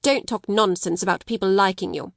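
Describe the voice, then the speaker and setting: A woman narrator voicing a harsh, domineering middle-aged schoolmistress with a sharp, cold, scolding manner. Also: mid-range voice, brisk, creaky, dry recording, studio quality, lightly acted.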